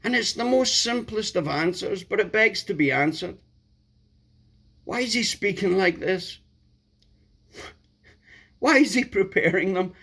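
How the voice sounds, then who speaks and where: A man's voice: sits high, animated, a little slow, pauses often, a bit bright, breathy edge. A man preaching a sermon, emphatic and repeating key words for stress.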